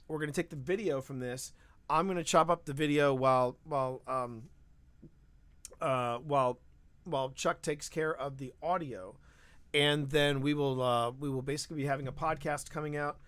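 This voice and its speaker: A man co-hosting a live podcast stream, talking in an animated, rambling way with frequent restarts. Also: fairly high pitch, no echo. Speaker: podcast co-host. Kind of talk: casual live-stream chat.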